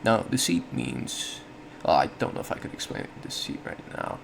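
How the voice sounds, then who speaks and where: A man's voice: low-pitched, wildly swooping pitch, moderate pace, vocal fry, background noise. A man giving a casual explanatory monologue, thinking aloud with frequent self-corrections and small laughs. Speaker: solo podcast host.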